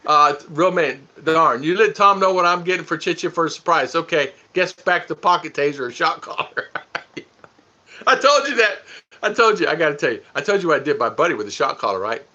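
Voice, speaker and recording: A man from the United States hosts a casual livestream, reading viewer comments and clowning around. His voice is bright and a bit higher than most men's, and he keeps breaking into laughter. The sound is dull and lo-fi, like stream audio. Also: animated, brisk. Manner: goofy, teasing, laughs often.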